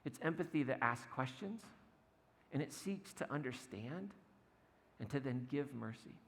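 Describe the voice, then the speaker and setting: A man's voice: medium pitch, lively intonation, unhurried, vocal fry, in a large hall, slight background noise. A man preaching a sermon in a church, telling a story conversationally, acting out the quotes and laughing now and then. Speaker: pastor. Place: church sanctuary.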